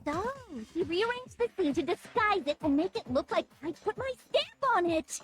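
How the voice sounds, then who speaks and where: A shrill, manic young woman killer swoops wildly up and down in delight. She shrieks and cackles with unhinged glee. Game music plays clearly behind her. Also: lively intonation, moderate pace. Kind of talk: game dub acting.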